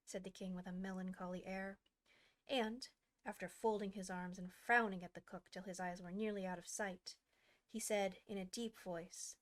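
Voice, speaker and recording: A woman hosting a show where she reads a classic storybook aloud with a steady, clear delivery. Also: mid-range voice, moderate pace. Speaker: audiobook narrator, host. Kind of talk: storybook reading.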